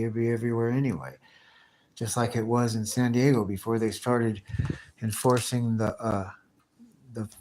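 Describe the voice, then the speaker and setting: A man's voice: on the low side, dark tone. A man live streaming, chatting casually with his viewers and answering their comments in a rambling, slang-heavy, profane way with many restarts.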